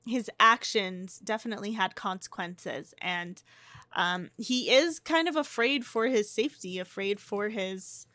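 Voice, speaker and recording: A woman's voice: mid-range voice, a little slow, sharp tone, no echo. A young woman giving casual, chatty gameplay commentary, often restarting and gasping. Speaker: life-sim gameplay narrator. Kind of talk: casual let's-play commentary.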